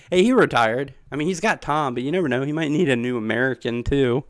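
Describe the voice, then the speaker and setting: Streamer man, casual and rambling, laughing often, mid-pitched, dry close mic. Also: expressive, fairly quick, hardly any pauses, no room sound. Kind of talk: casual live-stream chat.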